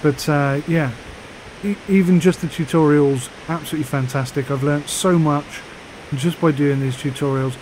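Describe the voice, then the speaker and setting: A man chatting casually on a flight sim vlog, rambling with fillers and pausing through the hiccups. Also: a little high, steady tone, darkish tone, slight background noise, rough recording. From United Kingdom.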